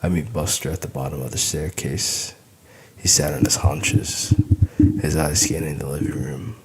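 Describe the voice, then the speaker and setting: A man narrates an audiobook in the first person, with wry, tired humor. His voice sits extremely low and rumbles with fry. A faint hiss runs beneath the recording. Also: steady tone, moderate pace.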